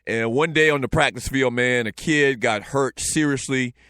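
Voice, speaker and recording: A man in his forties with a Southern Lowcountry accent, hosting a casual talk show, telling stories loosely and joking with the chat. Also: normal speed, a bit bright, smooth, no room sound, clean studio sound. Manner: loose, joking, storytelling with frequent fillers. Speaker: show host.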